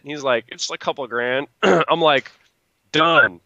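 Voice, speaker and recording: A man's voice: on the high side, normal speed, vocal fry, pushed and bright, no echo, dull audio. A man chatting casually as a guest, rambling through stories and acting out what people said. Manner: rambling storyteller acting out quotes. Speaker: guest truck builder. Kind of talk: casual chat.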